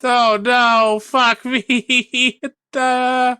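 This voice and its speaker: A woman's voice: on the high side, slow pace, pushed and bright, no echo, clean studio sound. A woman streamer commenting live on her own gameplay, swearing, groaning and cheering at the game.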